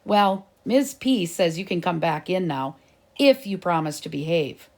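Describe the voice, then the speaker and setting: A woman's voice: on the low side, lively intonation, unhurried, darkish tone. A woman reading aloud and voicing a patient, earnest schoolgirl who sides with the teacher. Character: patient, know-it-all schoolgirl. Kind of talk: storybook reading.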